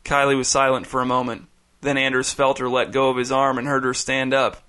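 A man narrating a story in a measured, even audiobook style. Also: mid-range voice, smooth.

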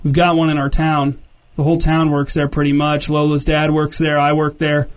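A brooding, jealous young man talks low and insistently, leaning on "dude", as a male narrator puts him on. The delivery stays flat and even, with a fairly high male pitch. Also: normal speed, lightly acted. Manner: low, pushy, repeating "dude".

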